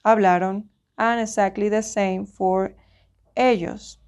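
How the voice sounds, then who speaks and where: A woman's voice: mid-range voice, fairly even intonation, unhurried. Patient woman teaching an online lesson. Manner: patient, explains step by step, often checks with "okay?". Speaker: Spanish teacher.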